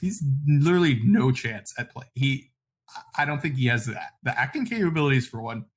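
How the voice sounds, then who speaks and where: A man co-hosting a casual podcast chat, giving blunt opinions and quick apologetic asides. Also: medium pitch, expressive. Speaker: podcast co-host.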